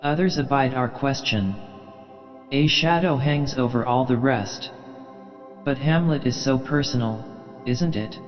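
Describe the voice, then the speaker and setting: A man reading the lines of a dry, skeptical male critic in a measured, musing way. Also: mid-range voice, close to an everyday voice. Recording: reverberant dull recording, faint music.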